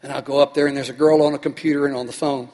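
A man's voice: medium pitch, little pitch movement, rapid-fire, a little mellow. A man preaching as pastor, telling a story animatedly and acting out the people in it. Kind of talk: sermon storytelling. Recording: long hall reverb.

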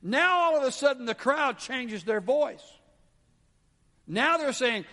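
A male pastor delivers a sermon in a high voice, dropping to hushed lows and then rising to emphatic calls. His words ring out with a long reverb, as in a large church hall. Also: animated, takes it slowly, long pauses. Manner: dramatic, swings from soft low drops to raised exclamations.

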